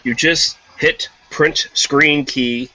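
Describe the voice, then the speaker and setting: A man's voice: fairly high pitch, drawn-out words. A man joking around in a casual online chat. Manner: joking, animated. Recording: lo-fi webcam audio, faint noise.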